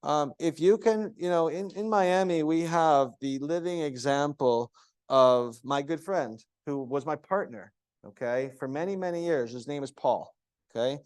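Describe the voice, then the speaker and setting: A man's voice: on the high side, a little slow, smooth. A man leading a yoga teacher training, talking to a group of students in an echoey room, acting out tones of voice and asking them questions. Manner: animated, acts out different tones of voice, asks the group questions. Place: room with echo.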